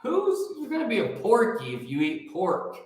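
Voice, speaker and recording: A man hosting a show and preaching casually, joking and rambling with lively energy. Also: sits high, moderate pace. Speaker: host and preacher. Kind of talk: casual live preaching talk. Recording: very echoey room.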